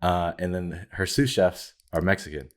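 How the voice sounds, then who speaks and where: A man's voice: low voice, normal speed. A young man in his twenties, a podcast co-host, telling a long story in casual chat, acting out quoted lines and filling his talk with "like". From Filipino heritage. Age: 20s. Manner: animated storyteller, acts out quotes with many fillers.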